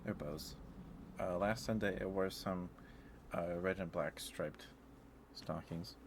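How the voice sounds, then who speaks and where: A man streaming ASMR from home, chatting softly and giggling as he greets viewers by name, close to the mic. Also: deep voice, steady tone, slow, vocal fry, noisy background. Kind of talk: soft-spoken ASMR live stream chat.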